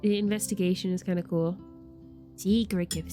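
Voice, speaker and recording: A chatty young woman talks through a video game on a desk mic, excitable and quick to laugh. Her voice sits at an ordinary middle pitch. Soft game music runs behind her. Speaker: streamer. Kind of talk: casual gameplay chat.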